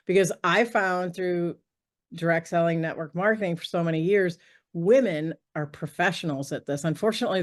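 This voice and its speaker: A middle-aged woman with a fairly low voice tells her story on a video call. She speaks in an animated way, laughs often and slips into the voices of the people in her story. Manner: lively, laughs often, acts out quoted dialogue. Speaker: podcast guest.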